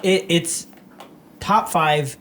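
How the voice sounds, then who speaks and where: A man's voice: on the high side, very slow, fairly bright tone, a little hiss or hum. A young man hosting a podcast, telling rambling stories in casual chat and laughing often. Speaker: podcast host.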